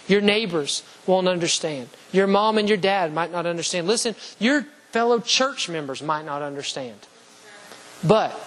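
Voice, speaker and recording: A man preaching a sermon with passion, using repeated rhetorical lines and rising toward shouts on key phrases. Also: sits high, poor audio. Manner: repetitive rhetorical lists and questions.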